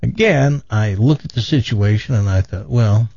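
An older man telling stories from his past in a relaxed, self-deprecating way, with a dull, muffled sound. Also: fairly low pitch, normal speed, breathy edge, dry recording. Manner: animated, self-deprecating, acts out quoted voices. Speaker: guest telling his life story. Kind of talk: casual storytelling.

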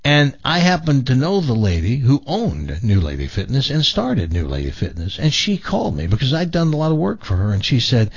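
A man's voice: mid-range voice, sing-song, fairly quick, creaky, few pauses, husky, no room sound. A male radio talk show host, telling rambling, chuckling stories. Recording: dull broadcast audio.

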